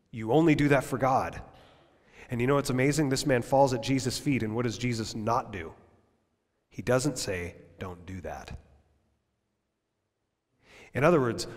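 A male pastor preaching a sermon at a church service, impassioned, swinging from loud emphasis down to near-whispers. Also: mid-range voice, in a large hall.

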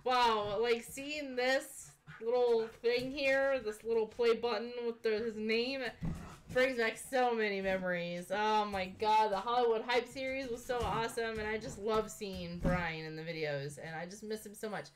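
A woman hosting a reaction video, talking casually in a gushing, excitable way with lots of fillers. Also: on the high side, moderate pace, slight background noise. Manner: gushing and excitable, full of "oh my god" and "like".

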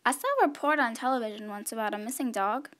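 A woman reading a children's story, voicing a practical, helpful girl in a brisk, take-charge way. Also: a little high, a bit bright, close to an everyday voice. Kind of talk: character voice in a read-aloud story.

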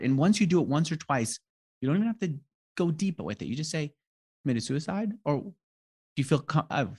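Brief: man, forties, animated guest on a chat show, plays out quoted lines as he tells stories, middle pitch. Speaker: podcast guest, interviewer and author. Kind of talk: casual conversation.

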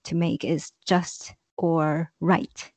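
A woman co-host explains word usage in a relaxed podcast lesson, patient and a little halting with her ums and uhs. Her voice sits on the low side. The sound is dry with no room echo. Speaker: language teacher co-host. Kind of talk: casual podcast language lesson.

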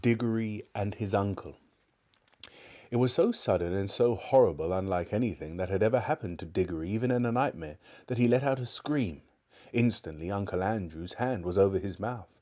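A man reading a children's novel aloud on a live stream, with expressive storytelling delivery. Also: on the low side, fairly quick. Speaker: narrator.

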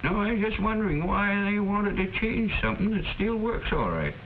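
A grumbling old grandpa. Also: male voice, sits high, big pitch swings, normal speed. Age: older. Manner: folksy rural drawl, stubborn grumbling. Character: grumpy old grandfather wary of new phones. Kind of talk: 1940s educational film acting. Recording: tinny, hissy 1940s film soundtrack.

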